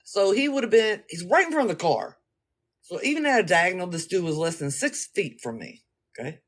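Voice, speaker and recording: This man's voice sits high and his delivery is brisk; he talks casually to his listeners, telling a story that's animated, slangy, and meandering.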